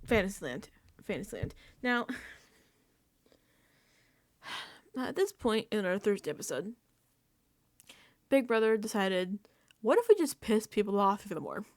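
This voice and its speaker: A woman hosting a reality TV recap, ranting casually and acting out quotes in an exasperated, animated way. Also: medium pitch, a little slow, pauses often, dry recording.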